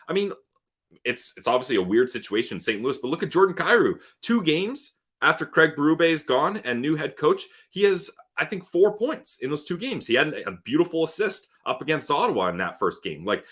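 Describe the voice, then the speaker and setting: A man co-hosting a live hockey podcast, talking in an excited, emphatic way. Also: fairly high pitch, a little fast, husky. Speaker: podcast co-host. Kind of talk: casual sports talk livestream.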